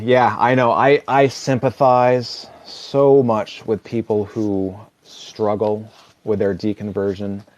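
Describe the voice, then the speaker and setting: A man's voice: lowish voice, darkish tone, dry recording. Wry man reading with comic asides. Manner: wry, digressive, chuckling. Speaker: social video reader.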